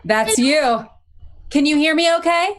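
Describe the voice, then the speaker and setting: A woman's voice: sits high, a little slow. Woman playing an earnest news anchor. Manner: mock-earnest newscaster delivery, breaking into laughs. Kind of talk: improvised comedy sketch.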